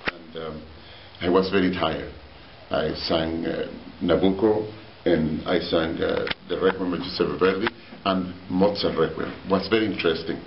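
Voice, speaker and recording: Deep-voiced man telling stories in a hall. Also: vocal fry. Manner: animated storyteller, halting with many fillers. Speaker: opera singer, guest. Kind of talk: storytelling interview. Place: meeting hall. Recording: roomy, distant, dull with faint hiss.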